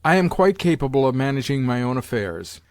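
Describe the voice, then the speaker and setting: A man's voice: mid-range voice, very animated, fairly quick, no room sound. A man reading an audiobook, voicing a lofty, condescending general who sneers as he speaks. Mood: haughty. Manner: haughty, sneering.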